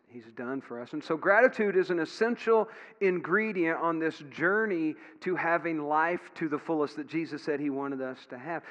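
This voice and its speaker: A man's voice: fairly high pitch, a bit bright. A middle-aged man preaching a sermon as pastor in a church, telling folksy stories with plenty of fillers. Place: church sanctuary. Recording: dull sound with long hall reverb.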